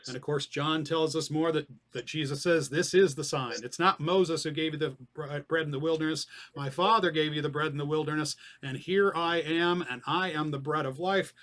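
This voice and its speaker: Bright-voiced man leading a Bible study. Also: a little high. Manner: conversational, questions the group, explains words.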